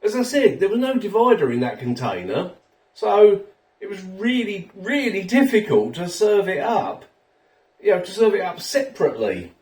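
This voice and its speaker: A man's voice: high-pitched, big pitch swings, normal speed, darkish tone, roomy sound, distant mic. A man reviewing a ready meal at home, chatty and self-mocking, a little tipsy after a few drinks. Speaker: food reviewer. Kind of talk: casual food review vlog. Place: home kitchen.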